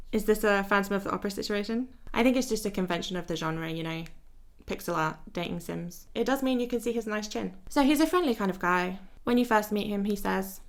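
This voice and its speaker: Woman, wry and playful casual video-essay voice, mid pitch. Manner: playful, wry, laughs between jokes. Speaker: YouTuber.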